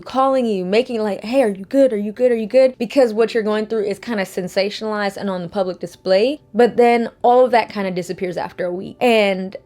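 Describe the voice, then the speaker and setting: A young woman vlogging to camera, speaking candidly and rambling, fighting back tears at times, acting out quotes in animated voices. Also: medium pitch. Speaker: YouTuber. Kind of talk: casual vlog talk to camera.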